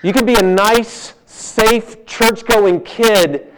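Give me a pastor mid-sermon, a man with a raised-pitch voice and urgent emphasis. His delivery rises and falls sharply in volume. He leans into the words when he wants them to land. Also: slow. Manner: emphatic, swings from loud urging to hushed.

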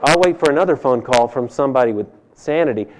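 Give me a man doing a bored young woman brushing off a caller, speaking softly and plainly. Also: mid-range voice, lively intonation, quick pace, close to an everyday voice, poor audio. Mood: dismissive. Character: young woman on phone, unimpressed.

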